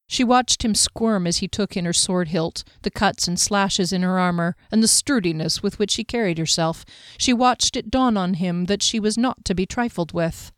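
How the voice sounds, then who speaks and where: A woman narrating a fantasy audiobook in a measured, expressive way. Her voice sits at a middle pitch, and the recording is close and dry, with no room sound. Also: clean tone, no echo.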